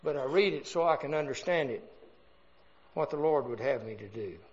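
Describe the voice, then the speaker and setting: A man's voice: mid-range voice, lively intonation, highs cut off. An older man preaching a sermon, swelling in volume and drawing out key words. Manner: emphatic preaching with swells in volume and slowed stresses.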